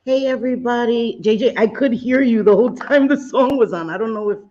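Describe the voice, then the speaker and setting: A woman's voice: on the high side, fairly quick, dark tone, muffled recording. A woman hosting a casual livestream, bubbly and chatty, greeting viewers with pet names. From Puerto Rico. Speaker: livestream host.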